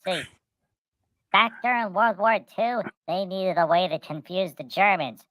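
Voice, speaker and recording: A woman's voice: medium pitch, a little slow, fairly bright tone, no room sound. A woman on a casual stream, telling a silly rambling story and repeating herself.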